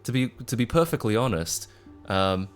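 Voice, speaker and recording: Low-voiced man, Aussie-transatlantic accent. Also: lively intonation, moderate pace, smooth, soft background music. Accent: mixed Australian, British and North American. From Australia. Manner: rambling, many fillers and restarts. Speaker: streamer. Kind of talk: casual livestream chat.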